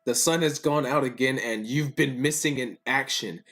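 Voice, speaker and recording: A man voicing a furious, bossy middle-aged woman boss who scolds in a raised, shrill voice while reading a story game aloud. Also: normal speed, a bit bright, faint music behind, close to an everyday voice. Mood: scolding.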